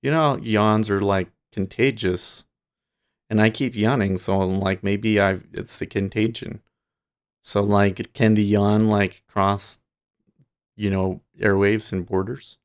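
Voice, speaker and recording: A man hosting a day trading livestream, casually thinking out loud in a relaxed, drowsy, rambling way. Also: on the low side, takes it slowly, clear, resonant tone. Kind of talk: casual live market commentary. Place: home trading desk with large screens.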